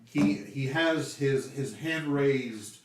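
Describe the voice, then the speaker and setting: A man with a Southern US accent, narrating a tabletop game as game master, halting with many restarts. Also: mid-range voice, a little hiss or hum. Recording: roomy, distant mic.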